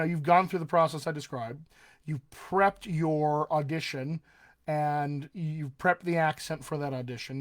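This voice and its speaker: A man coaching actors on accents in a casual solo live stream, chatty with many fillers and restarts. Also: a little high. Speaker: dialect coach.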